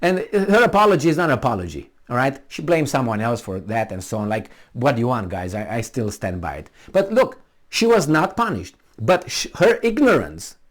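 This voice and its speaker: A commentator for whom English is a second language delivers a blunt, rambling opinion monologue, restarting often and swearing. His medium-pitched voice is very animated and his pace brisk.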